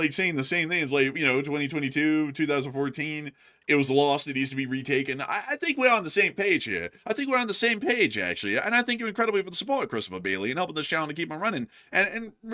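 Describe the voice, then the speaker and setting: A young man hosting a channel in casual chat, laughing often and breaking into loud acted quotes. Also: a little high, sing-song, quick pace. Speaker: channel host. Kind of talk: casual chat on current events.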